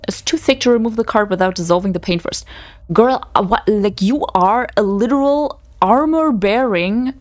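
A young woman commenting on her own play of a horror game, swearing often and mocking her own mistakes. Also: mid-range voice. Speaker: let's play streamer. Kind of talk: gaming commentary. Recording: faint game music behind.

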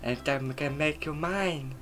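A man's voice: fairly high pitch, a little slow, fairly bright tone, faint music behind. A man voicing a confident, cheerful teenage girl who runs a club, reading game dialogue aloud with a lightly raised voice. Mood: friendly.

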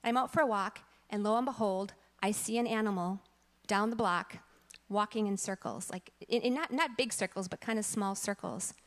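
Animated woman preaching in reverberant church. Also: medium pitch, moderate pace. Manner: animated storytelling, acts out quotes. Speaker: church teacher. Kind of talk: storytelling sermon. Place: church sanctuary.

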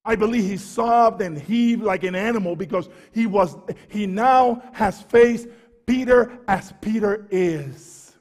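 Fervent preaching man, high voice. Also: slow pace, long reverb tail. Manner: fervent preaching, swings from quiet to shouting; stammers and repeats words. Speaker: pastor. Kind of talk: sermon.

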